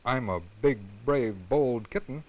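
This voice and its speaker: A man voicing a boastful little male kitten, speaking in a proud, puffed-up way, often rising higher in pitch. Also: sing-song, moderate pace, highs cut off, natural voice.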